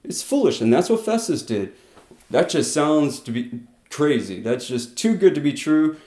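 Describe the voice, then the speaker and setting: A man teaching through a Bible passage, animated, acting out quotes with bursts of loudness and short laughs. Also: fairly high pitch, moderate pace, echoey room.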